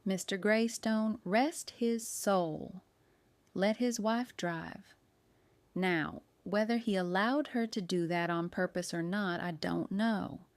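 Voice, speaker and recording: A woman voicing a shrewd, folksy older woman baker who talks in a slow, homespun, musing way. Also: mid-range voice, dry recording.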